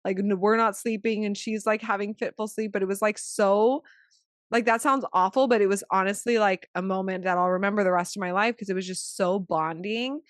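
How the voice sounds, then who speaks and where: A chatty woman telling a story on a podcast, leaning on "like" constantly and swinging between hushed tones and excited bursts. Her voice sits at an ordinary middle pitch. The sound is dry and close, with no room echo. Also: fairly quick. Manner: chatty, fills speech with "like"; animated, shifting from hushed to excited. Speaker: podcast co-host; new mother. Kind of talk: casual storytelling.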